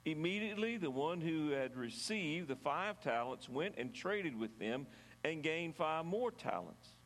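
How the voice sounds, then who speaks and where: A man preaching a sermon, reading scripture aloud and then explaining it in an earnest, measured way, sometimes halting and restarting his words. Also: fairly high pitch, lively intonation, fairly bright tone, long reverb tail. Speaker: pastor.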